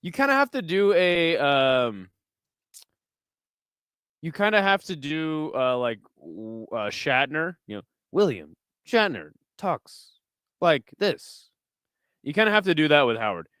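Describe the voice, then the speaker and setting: A man's voice: a little high, very animated, a little slow, a bit bright, smooth, dry recording. A young man streaming who chats with his viewers while watching videos, laughs often, swears freely and tells stories with animation.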